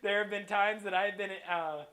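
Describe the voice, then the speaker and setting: Guy preaching to kids, super animated storytelling, bright crisp voice. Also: high voice, normal speed. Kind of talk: lively sermon to children.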